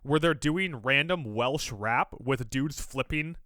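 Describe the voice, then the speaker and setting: A man's voice: mid-range voice, slow pace, pushed and bright, no echo, clean studio sound. A man co-hosting a podcast in casual chat, teasing his co-host and cracking jokes. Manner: teasing, wisecracking.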